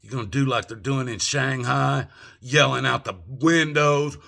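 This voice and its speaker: An older male vlogger rants angrily about politics from home, profane and indignant, firing off rhetorical questions. His voice is medium-pitched, creaky, and a bit bright, with a steady tone and measured pace.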